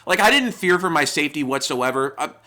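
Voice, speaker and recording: A man's voice: on the high side, animated, a little fast, pushed and bright. A young man from New York narrating a comedic storytime with profane, exaggerated, rambling humor. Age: young adult. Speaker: YouTuber.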